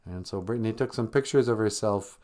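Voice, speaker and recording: A man's voice: lowish voice, a little fast. Joking man hosting a live podcast. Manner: joking, laughs often, animated. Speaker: podcast host. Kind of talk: casual livestream chat.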